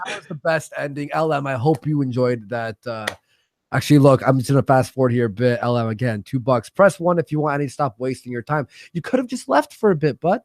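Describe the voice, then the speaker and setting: A man's voice: mid-range voice, fast. A man from Canada hosting a livestream, chatting casually with a guest, swearing freely and reading viewer donation messages aloud. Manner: profane, laughs loudly, reads viewer messages aloud.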